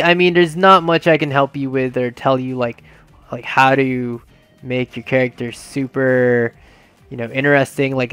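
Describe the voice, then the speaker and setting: A man giving a casual, rambling game tutorial voice-over, filling pauses with ums and uhs as he walks through each step. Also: medium pitch, clean tone, dry recording. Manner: rambling and relaxed, many fillers, talks through each step. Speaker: video game tutorial maker.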